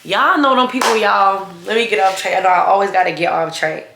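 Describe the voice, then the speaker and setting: A young woman vlogger telling a story in casual chat, blunt, sassy and animated, often laughing. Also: medium pitch, brisk, creaky, background noise. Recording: roomy echo.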